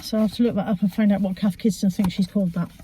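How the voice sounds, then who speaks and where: In this chatty haul video, a middle-aged woman rambles from inside her car about her charity shop finds, mocking herself as she goes. Her medium-pitched voice is warm and husky, her tone steady, and her pace racing.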